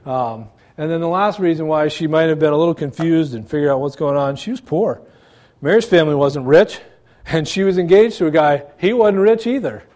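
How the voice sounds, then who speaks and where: A man preaching to a congregation in a church, his voice sitting a little higher than most men's. He talks in a loose, conversational way, asking rhetorical questions and tossing in asides as he goes. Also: fairly quick, a little mellow. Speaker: pastor. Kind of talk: sermon.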